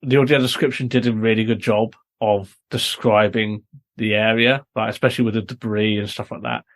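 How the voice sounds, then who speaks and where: A man's voice: lowish voice, steady tone, fairly quick. A British man hosting a podcast, explaining and recapping a story at length in casual review chat. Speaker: podcast host.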